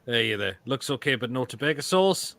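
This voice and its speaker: A man's voice: mid-range voice, animated, brisk, gravelly, crowd noise. A man, hosting a casual live stream and giving crude, blunt verdicts on viewers' food photos between laughs.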